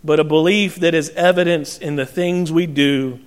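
A man's voice: a little high, steady tone, moderate pace, hardly any pauses, clear, resonant tone. A male pastor preaching a sermon, telling a parable and acting out its voices. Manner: storytelling, acts out voices in parables. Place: church sanctuary. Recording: church sanctuary with long reverb.

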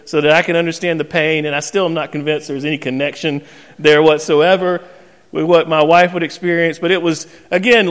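A man in his thirties preaching in a church, his voice a touch higher than most men's. He tells the story with animation and gentle self-mockery, acting out scenes as he goes. His voice rings with the long reverb of a large hall. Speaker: pastor. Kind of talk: storytelling sermon.

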